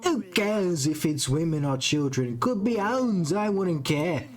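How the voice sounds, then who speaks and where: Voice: medium pitch, lively intonation, unhurried, soft background music, lightly acted. A streamer voicing a hostile, scornful village woman in a poorly done mock Scottish accent. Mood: spiteful. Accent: mock Scottish, badly done. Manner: scornful, spiteful.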